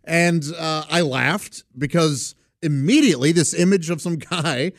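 A man's voice: on the high side, measured pace, few pauses, no echo, studio quality. A man hosting a podcast in a casual monologue that rambles, full of fillers and restarts. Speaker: podcast host and radio comedian.

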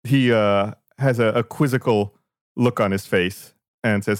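A man narrating as game master in a casual tabletop game, relaxed and halting. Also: on the low side, no echo, clean studio sound.

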